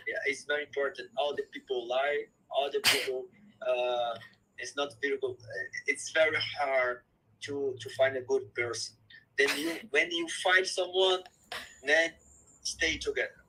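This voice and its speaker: A man speaking as a psychologist guest on a live chat, talking in halting English with many repeats and restarts. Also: medium pitch, pushed and bright, a little hiss or hum, poor audio.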